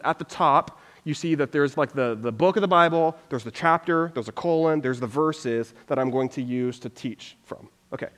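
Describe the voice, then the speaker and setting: A man giving a casual conversational sermon, energetic and loose, scattering "like" through his talk. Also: on the high side. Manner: energetic, loose, full of "like" fillers. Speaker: preacher. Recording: long reverb from a hall.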